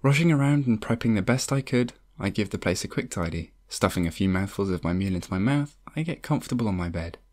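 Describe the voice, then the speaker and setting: A man narrating a first-person story at a steady, calm pace. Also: on the low side, quick pace, hardly any pauses. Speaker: audiobook narrator.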